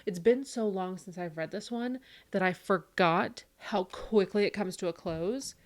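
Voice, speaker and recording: A woman in her thirties chatting on a podcast, telling animated stories and acting out her kids' voices. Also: mid-range voice, measured pace. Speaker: podcast co-host. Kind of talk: casual chat.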